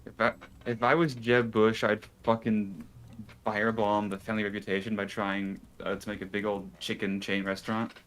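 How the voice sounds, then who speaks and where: A man's voice: fairly low pitch, flat delivery, moderate pace, a bit bright. A man playing a tabletop game who talks bluntly, jokes and swears. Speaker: player. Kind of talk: casual tabletop game chat.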